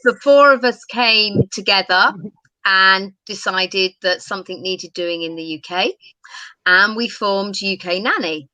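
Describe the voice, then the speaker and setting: A woman's voice: fairly low pitch, sharp tone, smooth, no echo, poor audio. A middle-aged woman introducing herself as a guest on a video call, composed and matter-of-fact. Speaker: guest, nanny and campaign co-founder. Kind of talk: self-introduction.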